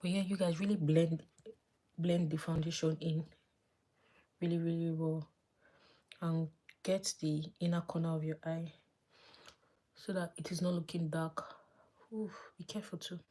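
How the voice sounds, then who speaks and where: A woman vlogger chatting casually as she does her makeup live, thinking aloud and dropping to soft murmurs while she works. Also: deep voice, level tone, a little slow, pauses often. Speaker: beauty vlogger.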